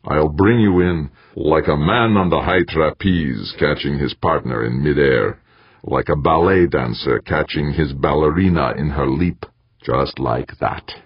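A man's voice: a bass voice, measured pace, husky, no echo, exaggerated voice. A man voicing a confident male shuttle pilot who talks in a reassuring, easygoing way. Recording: dry, slightly dull lo-fi sound.

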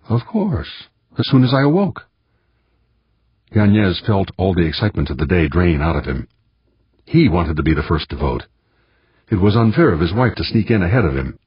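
A man narrating an audiobook in an expressive reading. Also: sits low, breathy edge, dry recording. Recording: dull, muffled dry recording.

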